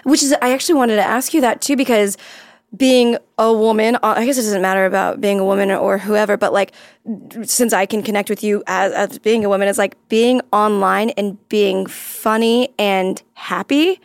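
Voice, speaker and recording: A woman's voice: mid-range voice, fairly even intonation, normal speed, no echo. A woman hosting a podcast who talks in an earnest, emotionally open, chatty way. Her voice sits in a middle range. The sound is dry and close to the mic. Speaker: podcast host. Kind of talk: casual chat.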